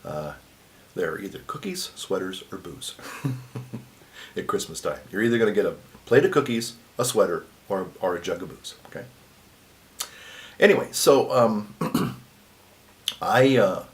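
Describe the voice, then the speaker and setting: A man, a Catholic priest, telling a personal story in a casual vlog, swinging between loud emphasis and hushed asides. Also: fairly low pitch.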